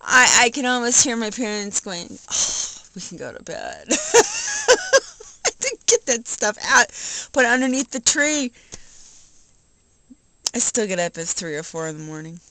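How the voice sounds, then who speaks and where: An older woman talking casually in a rambling, nostalgic way, laughing softly now and then. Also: fairly high pitch, huge pitch swings, measured pace, pauses often, no echo, poor audio. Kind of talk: casual home video vlog.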